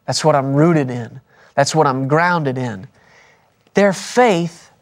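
A man preaching a broadcast sermon, stressing points by repeating words and dropping his voice soft for key lines. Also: on the high side.

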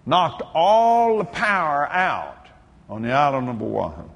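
A man preaching a sermon, telling a story in an animated way that bursts into shouts and laughter. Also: a little high, takes it slowly, vocal fry, big-room sound.

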